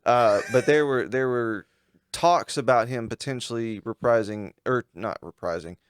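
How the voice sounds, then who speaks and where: A man's voice: mid-range voice, normal speed, clear, resonant tone, no room sound, studio quality. A man co-hosting a podcast in casual chat, rambling and repeating words as he hunts for names. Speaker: podcast co-host.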